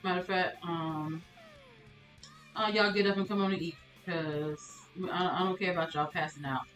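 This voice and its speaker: A woman's voice: lowish voice, fairly even intonation, moderate pace, fairly bright tone, reverberant, soft background music, poor audio. A woman streamer commentating a life-sim game live, exasperated and laughing as she talks to her chat.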